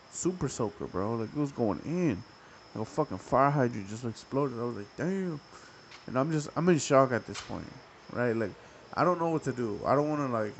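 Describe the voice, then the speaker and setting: A young man hosting a podcast, telling a story in a profane, rambling, animated way. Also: mid-range voice, a little hiss or hum, low-quality recording. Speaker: podcast host. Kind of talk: casual storytelling.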